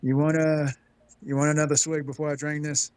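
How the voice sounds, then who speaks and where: A man's voice: on the high side, little pitch movement, fairly quick, darkish tone, smooth, lightly acted. A man voicing Kilgo, a boozy, cursing fellow in a tabletop game, drawling and a little sheepish.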